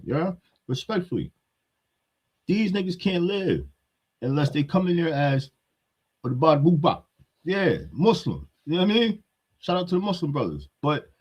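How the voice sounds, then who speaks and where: A man's voice: on the high side, husky. A man with a New York accent, giving a blunt, heated hip-hop commentary rant that repeats its points.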